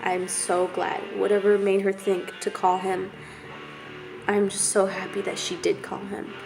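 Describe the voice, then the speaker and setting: A young adult woman telling a personal story to camera in a hushed, halting way while she holds back tears. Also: medium pitch, completely flat delivery, vocal fry, music in the background, poor audio. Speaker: vlogger.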